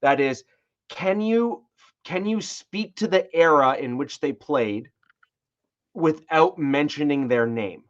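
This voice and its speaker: A man's voice: fairly high pitch, lively intonation, takes it slowly, muffled recording. A man co-hosting a sports podcast, rambling through his points with frequent restarts. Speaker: podcast co-host. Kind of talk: casual sports chat.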